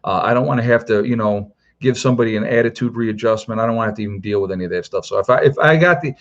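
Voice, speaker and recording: A man's voice: fairly low pitch, very fast, dull audio. A middle-aged man hosting a prepper channel, telling a story casually and rambling with lots of filler words. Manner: rambling, many "you know" fillers.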